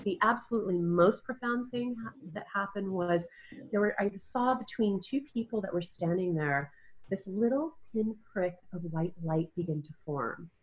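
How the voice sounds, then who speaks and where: A woman speaking as an interview guest, in an earnest, searching way. She often stops and restarts her sentences as she works out what to say. Her voice sits at an ordinary middle pitch. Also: normal speed, low-quality recording. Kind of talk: casual interview talk. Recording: audio-only interview.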